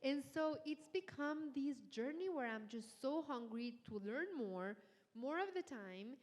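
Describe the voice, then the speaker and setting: Mexican-accented woman chatting in a reverberant hall. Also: high voice. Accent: Mexican Spanish. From Mexico City. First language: Spanish. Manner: animated, quick restarts and repeated phrases. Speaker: chef and TV host as guest. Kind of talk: onstage conversation. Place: large hall with an audience.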